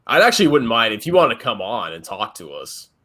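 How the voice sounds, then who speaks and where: A man's voice: mid-range voice, very animated, a little fast, bright, forceful tone. A man co-hosting a casual livestream chat, blunt and sarcastic.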